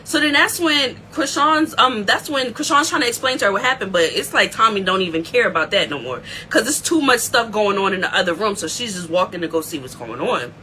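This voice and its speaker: A woman hosting a casual recap show, telling the story in an excitable, animated way. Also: medium pitch, a little fast, few pauses, a little hiss or hum, rough recording. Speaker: aftershow recap host.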